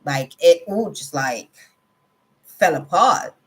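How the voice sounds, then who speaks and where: A woman with a slightly low voice gives a tarot reading on a live stream. She chats casually with her viewers and laughs often. Her delivery stays lively and animated. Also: takes it slowly.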